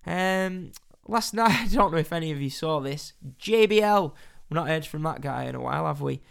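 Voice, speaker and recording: A man hosting a solo wrestling podcast in a casual, wry way. His voice sits a little high with a gravelly edge. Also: animated, moderate pace. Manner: chatty, wry, reading stories aloud. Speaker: wrestling news podcast host.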